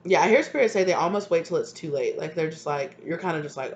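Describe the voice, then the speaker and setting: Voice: mid-range voice, expressive, fast talker, few pauses, highs cut off. A tarot reader giving a casual, channeled reading who rambles with many fillers and acts out imagined quotes.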